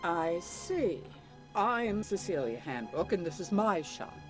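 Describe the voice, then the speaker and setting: An actress voicing a guarded, formal flower shop owner in a game, speaking in a wary, clipped way. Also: female voice, on the low side, sing-song, slow, music in the background. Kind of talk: voiced game dialogue.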